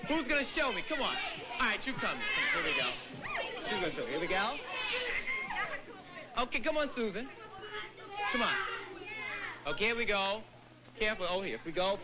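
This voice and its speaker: A man's voice: sits high, very animated, moderate pace, long pauses, pushed and bright, a little hiss or hum, low-quality recording. A man leading a dance lecture-demonstration on stage before an audience, counting beats and scatting rhythms aloud as he teaches. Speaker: dance company director.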